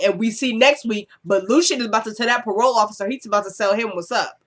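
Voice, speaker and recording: A woman casually recapping a TV episode for her channel, chatty and digressive, getting animated when she gives her opinions. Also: a little high, quick pace, few pauses. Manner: chatty and digressive, often says "you know what I'm saying".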